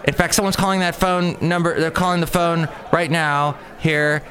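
A man's voice: fairly high pitch, fairly even intonation, moderate pace, a bit bright, a little hiss or hum. A man hosting a solo podcast, talking in a rambling, jokey way that drifts from topic to topic. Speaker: podcast host.

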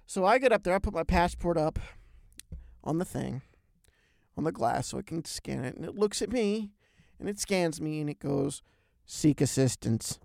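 A man hosting a podcast, telling a travel story in a lively, animated way with big swings in pitch and loudness. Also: normal speed, gravelly, pauses often, no echo, studio quality. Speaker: podcast host. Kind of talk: casual storytelling chat.

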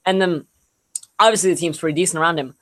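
A young man co-hosting a podcast, talking casually about sports in a relaxed, rambling way full of fillers. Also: fairly high pitch, fast talker. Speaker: podcast co-host.

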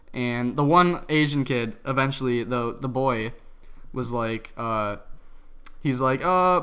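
A man's voice: mid-range voice, a bit bright, clean tone. A young man in his twenties, a podcast co-host, telling a rambling story in casual, slang-heavy chat.

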